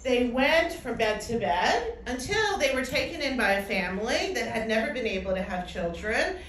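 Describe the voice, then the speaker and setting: A middle-aged woman giving a personal testimony talk, telling her story in a lively way and acting out what people said. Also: a little high, moderate pace. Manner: animated storytelling with acted-out quotes. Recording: echoey hall, distant mic, faint noise.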